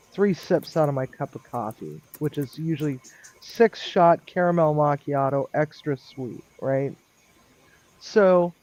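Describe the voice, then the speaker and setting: A man telling a long work story on a live stream in a rambling, chatty way, with lots of ums and lively quoted dialogue. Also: fairly high pitch, no echo. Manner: chatty, lots of ums, animated when quoting others. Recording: dull lo-fi dry sound.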